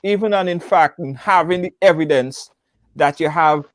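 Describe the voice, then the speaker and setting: A man hosting a live show, asking halting, hesitant questions. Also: a little high, dry recording.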